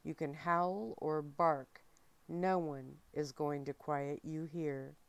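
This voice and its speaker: A woman reading the lines of a calm, reassuring man in a storybook, explaining things gently in her own soft voice. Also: low voice, slow pace, creaky, no room sound, exaggerated voice.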